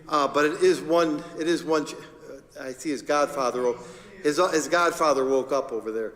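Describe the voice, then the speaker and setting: A man's voice: fairly high pitch, moderate pace, a bit bright, big-room sound. A man, a school district administrator, walks the board through agenda items in an informal, joking, conversational way at a public meeting.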